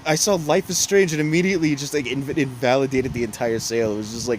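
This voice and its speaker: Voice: mid-range voice, steady tone, fast, slight background noise, poor audio. A podcast co-host in casual chat who rambles, restarts often, and drops sarcastic asides.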